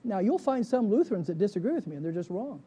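A man's voice: sits high, big pitch swings, fast talker, warm tone, breathy edge. A man, a pastor, leading a conversational Bible study, often checking in with the class with questions.

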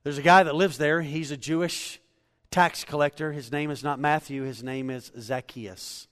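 A man's voice: on the high side, normal speed. Preaching man in a reverberant hall. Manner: animated storytelling, rising to loud emphatic preaching. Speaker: pastor. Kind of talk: sermon.

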